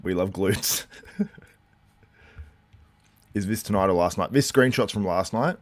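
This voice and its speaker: A man with a notably deep, low voice hosts a live watchalong. He talks in a loose, rambling way, full of fillers, and keeps breaking off to answer viewers' comments. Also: lively intonation, a little slow. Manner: chatty, reacts to viewer comments. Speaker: host.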